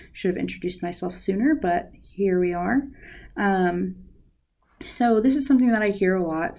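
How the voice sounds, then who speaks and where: A young woman working as a university outreach specialist, giving a casual guided lesson on counseling skills with many ums and likes. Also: lowish voice. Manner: relaxed, uses many fillers like "um" and "like".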